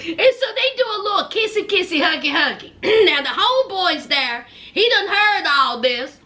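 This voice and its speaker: A woman with a Southern twang giving a sassy, animated recap of a reality TV show, calling her viewers honey and baby. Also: extremely high pitch, a little slow, long pauses. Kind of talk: casual recap commentary.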